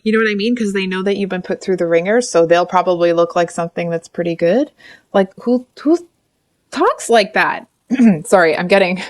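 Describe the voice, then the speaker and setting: A woman giving a casual, frank tarot reading, chatty and animated, often breaking off to correct herself. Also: on the low side, normal speed. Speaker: tarot reader.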